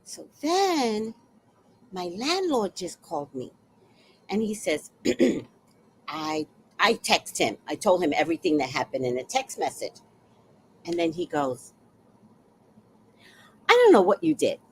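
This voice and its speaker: A woman in her sixties telling a story on a casual livestream, blunt and fiery, with sudden loud outbursts. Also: lowish voice, sing-song, a little slow, long pauses, a little hiss or hum. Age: 60s.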